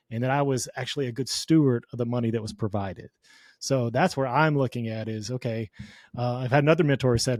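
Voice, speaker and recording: Male guest, mid-pitched, dry close mic, earnest and motivational. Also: a little fast, darkish tone, no room sound. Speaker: podcast guest, business owner. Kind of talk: casual faith-focused conversation.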